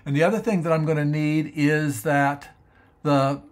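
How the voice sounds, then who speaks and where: A man teaching math on a screencast, explaining step by step in an unhurried way and often stopping to rethink his wording. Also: fairly high pitch, steady tone. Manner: thinking aloud with frequent fillers and restarts. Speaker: math educator.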